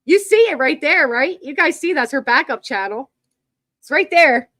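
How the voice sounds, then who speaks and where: A woman's voice: sits high, lively intonation, normal speed, bright, forceful tone, dry recording, clean studio sound. Mocking woman livestream commentator. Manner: mocking, exasperated, addresses viewers and chat. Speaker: commentary channel host. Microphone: computer mic.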